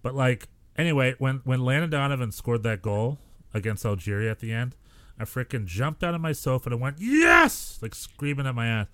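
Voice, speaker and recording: Podcast co-host, American man, mid-pitched, lively storyteller who acts out quotes, dry close recording. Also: fairly quick, no room sound. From United States. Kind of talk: casual chat.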